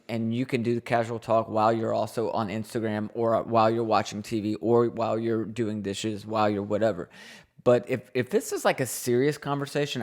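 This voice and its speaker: Earnest low-voiced male podcast co-host. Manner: earnest, rambling, frequent restarts and fillers. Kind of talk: casual podcast chat.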